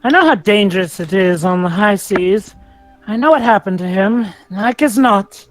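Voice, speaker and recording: A woman's voice: medium pitch, expressive, moderate pace, faint music behind, close to an everyday voice, rough recording. An actress voicing a plain-spoken young Yorkshire woman in game dialogue, blunt with homely dialect.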